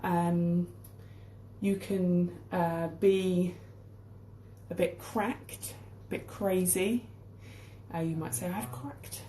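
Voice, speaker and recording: A woman's voice: lowish voice, fairly even intonation, very slow, warm tone, reverberant, a little hiss or hum. A woman giving a casual English lesson while baking at home, explaining word meanings as she goes. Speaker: English teacher. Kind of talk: casual cooking demonstration lesson. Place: home kitchen.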